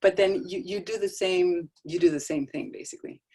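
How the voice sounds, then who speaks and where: Middle-aged woman, low voice, chatty storyteller who laughs often, speaking over a video call. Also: fairly even intonation, brisk, mellow. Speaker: guest speaker on child development. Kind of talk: casual talk on a video call. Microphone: video call microphone.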